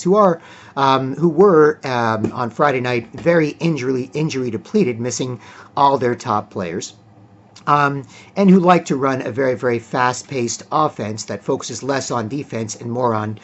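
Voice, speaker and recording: A man giving casual solo sports commentary, rambling with frequent fillers and clearing his throat often. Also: mid-range voice, highs cut off.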